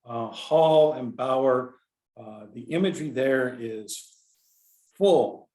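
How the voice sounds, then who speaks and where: Teaching poetry explication as a contest director, a Texan-accented man lectures informally and conversationally, digressing and self-correcting with fillers. He speaks slowly at medium pitch with a dark tone, in a roomy-sounding space.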